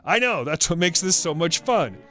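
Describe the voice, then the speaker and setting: This is a man playing a teasing young husband, sly and mocking. His voice sits fairly high and bounces around playfully over light music. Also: very animated, normal speed, a bit bright.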